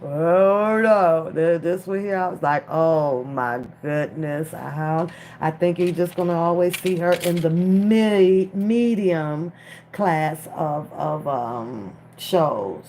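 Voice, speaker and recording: A woman's voice: low voice, takes it slowly, a little mellow, slight background noise. A woman chatting casually on a live stream from her phone, talking straight to the viewers in chat. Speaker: livestream commentator.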